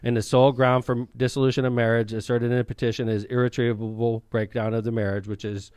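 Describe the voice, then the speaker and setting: A man's voice: medium pitch, flat delivery, fast talker, darkish tone, smooth, no room sound, clean studio sound. A man co-hosting a political podcast in casual chat, reading bill text aloud and cracking jokes. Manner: joking, reads bill text aloud, slips into impressions. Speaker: podcast co-host.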